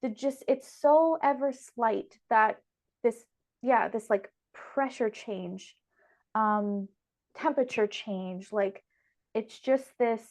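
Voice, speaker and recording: Chatty laughing woman, higher voice. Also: takes it slowly, darkish tone. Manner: chatty, laughs often, emotional. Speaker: podcast host and medium. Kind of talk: casual conversation.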